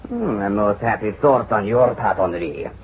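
A flamboyant, persuasive financier. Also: male voice, fairly low pitch, moderate pace, a little hiss or hum. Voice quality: expansive, persuasive, lively intonation. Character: flamboyant smooth-talking male Parisian financier. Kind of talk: vintage radio drama acting. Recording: dull old radio drama recording.

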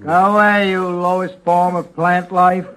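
Rich: An older man with an unusually high voice, drawling his lines and muttering grumpy insults to the side. This is a 1930s radio comedy routine, mumbled and sly. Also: little pitch movement, measured pace, noisy background.

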